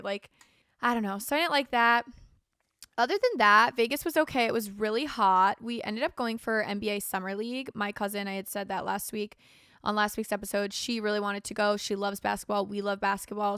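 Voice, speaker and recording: A young woman hosts a casual solo podcast, tired and yawning with a sore throat, rambling and filling her speech with "like" and "um." Her medium-pitched voice is fairly bright and clean. The recording is dry and studio quality.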